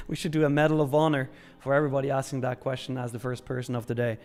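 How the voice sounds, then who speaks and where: A man's voice: mid-range voice, flat delivery, quick pace, a little mellow, faint music behind. A young Swiss man casually hosting a live trading stream, chatting, reading out chat messages and laughing often. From Switzerland.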